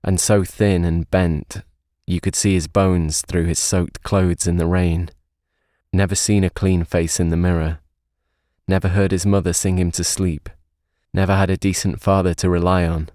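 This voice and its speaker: A man voicing a young male thief who speaks quietly and sombrely. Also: sits low, level tone, moderate pace, no echo, studio quality, natural voice. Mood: grieving.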